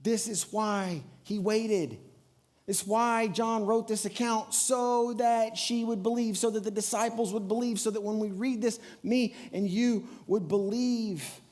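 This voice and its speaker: A middle-aged pastor with a fairly high voice, preaching with lively energy. He acts out the people in his story and speaks straight to the congregation. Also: unhurried. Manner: animated, acts out quoted voices, talks to the congregation. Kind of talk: sermon.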